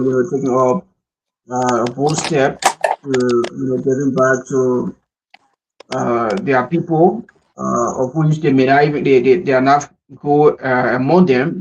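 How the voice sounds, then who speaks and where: A man speaking as co-host in a hesitant way, with many pauses and restarts. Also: mid-range voice, a little hiss or hum, poor audio. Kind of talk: casual interview chat.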